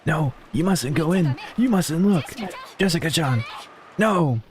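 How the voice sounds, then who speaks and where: A man's voice: fairly high pitch, expressive, a little slow, darkish tone, slight background noise, voice pushed up. A man voicing an elderly woman servant in a visual novel, pleading and urgent. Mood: alarmed.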